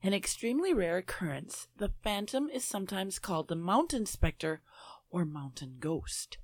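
Animated woman reading out news stories. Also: mid-range voice, normal speed, dry recording. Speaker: podcast panelist.

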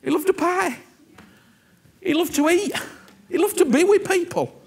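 A man preaching a sermon, earnest and animated, repeating himself and often asking whether he is understood. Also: very high-pitched, normal speed, creaky.

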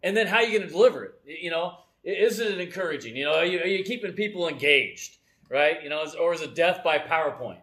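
A man's voice: fairly high pitch, lively intonation, quick pace, a bit bright. A middle-aged man giving a casual, self-deprecating church message from the front, keeps checking in with "right?". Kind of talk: casual sermon with personal stories.

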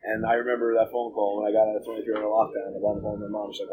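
A man's voice: lowish voice, fairly even intonation, very fast, background noise. Blunt, profane man telling his story. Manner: blunt, profane, rambling with many "like" fillers. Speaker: interview guest. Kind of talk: candid storytelling about jail and addiction.

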